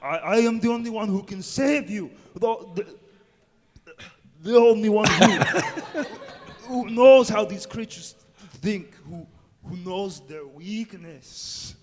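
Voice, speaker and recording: An audience volunteer voicing a dramatic male monster hunter, pleading in a slow, drawn-out delivery. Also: sits high, expressive. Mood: desperate. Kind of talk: script reading for a workshop. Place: convention panel room. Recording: echoey convention hall from off-mic.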